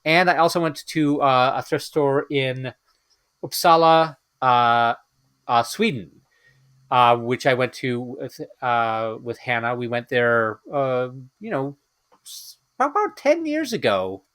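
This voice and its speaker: A man co-hosting a podcast in casual chat, halting, with many filler pauses. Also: mid-range voice, lively intonation, a bit bright, clear, resonant tone, no echo. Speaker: podcast co-host.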